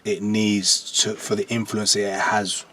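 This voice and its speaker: A lowish, unhurried male voice belongs to a jungle MC in his forties guesting on a podcast. He animatedly relates stories, regularly checking whether the listener understands with "do you understand."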